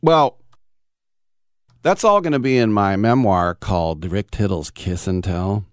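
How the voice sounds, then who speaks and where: A man's voice: on the low side, measured pace, clean tone, no echo, clean studio sound. A middle-aged man hosting a sports talk radio show, telling rambling anecdotes with chuckles.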